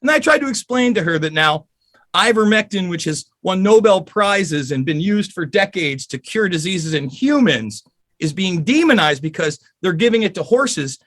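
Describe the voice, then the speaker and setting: A man's voice: sits high, a bit bright. Angry, profane man ranting. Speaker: podcast guest. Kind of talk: heated podcast rant.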